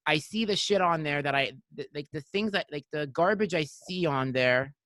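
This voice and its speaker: Podcast host guy, kinda high voice, rambly chatty storyteller, dry close sound. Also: moderate pace, a bit bright, dry recording. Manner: rambling storyteller, heavy filler words. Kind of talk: casual chat.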